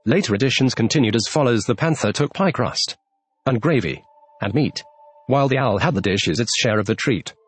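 Male storybook narrator, husky, animated delivery, dry sound with soft music under it. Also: medium pitch. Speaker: audiobook narrator. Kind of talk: scripted narration.

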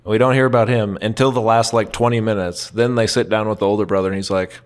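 A man's voice: on the low side, fairly even intonation, fast talker. A man co-hosting a comedy podcast, rambling through a story and acting out the quotes along the way. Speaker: podcast co-host. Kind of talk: casual comedy podcast chat.

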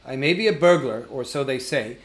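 A man voicing a small, fussy, businesslike male hobbit in an audiobook, prim and a little squeaky. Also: expressive, normal speed, natural voice. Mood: awkward, resolute. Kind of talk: audiobook character reading.

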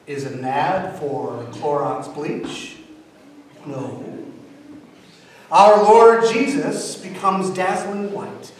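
Man, pastor, sermon, self-deprecating humor, unhurried, very echoey church, distant mic. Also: high voice.

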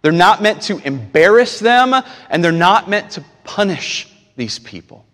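A man preaching a live sermon as pastor, impassioned and swinging between quiet stretches and near-shouting. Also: high voice, big pitch swings, unhurried. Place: church sanctuary. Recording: long reverb of a large church hall.

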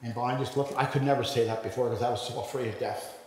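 A man in his sixties tells his personal testimony in a loose, rambling way, full of restarts and fillers. His voice sits in a middle pitch. It rings through a church hall with heavy echo and a long reverb tail. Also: steady tone, fast talker, darkish tone. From Ontario, Canada. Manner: rambling, conversational storytelling with many restarts and fillers. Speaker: guest speaker giving testimony.

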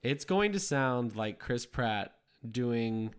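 A young man co-hosting a podcast in casual chat, chatty and quick to laugh. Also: medium pitch, smooth. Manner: laughs often, chatty and excitable. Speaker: podcast co-host.

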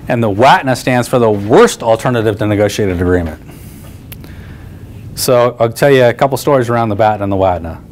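A man's voice: on the low side, fairly quick, a little hiss or hum. A man, working as a real estate coach, teaching negotiation through stories and acting out both sides of each conversation. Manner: animated, acts out both sides of dialogues.

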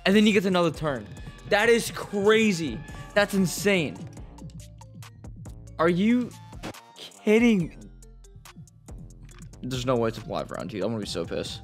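A young man giving gameplay commentary, swinging between nervous muttering and frustrated outbursts. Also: a little high. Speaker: gaming YouTuber.

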